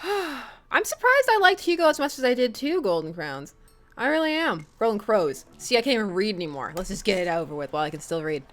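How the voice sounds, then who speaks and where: A young woman playing a dating game on stream, reading the story aloud and chatting playfully with her viewers. Her pitch jumps around a lot as she talks, and she keeps breaking into giggles. Her voice sits at a middle pitch for a woman. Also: lively intonation, a little fast, fairly bright tone.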